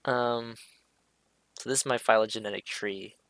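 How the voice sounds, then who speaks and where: Male streamer, casual hesitant commentary, bright tone, dry close recording. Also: lowish voice, fairly even intonation, normal speed, no room sound. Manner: hesitant, many fillers and restarts, self-interrupting. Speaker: streamer explaining a drawing. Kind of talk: casual rambling commentary over a drawing.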